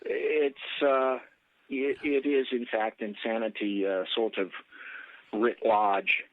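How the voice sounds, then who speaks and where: A man's voice: medium pitch, flat delivery, slow, dry recording. Man on a tinny phone line. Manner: emphatic, wordy, sarcastic. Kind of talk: casual political talk radio.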